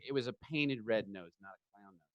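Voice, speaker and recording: A man's voice: lowish voice, fairly quick, muffled recording, crowd noise. A man co-hosting a loose comedy chat, telling stories and acting out the quotes. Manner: animated storyteller acting out quotes. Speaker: co-host. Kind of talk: casual chat, comic storytelling.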